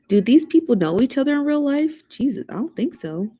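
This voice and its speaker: A woman hosting a casual livestream, reading viewer comments aloud and dishing gossip in a sassy manner, calling her viewers honey and child, with the odd hushed aside. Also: high-pitched, big pitch swings, a little fast, hardly any pauses. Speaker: livestream host.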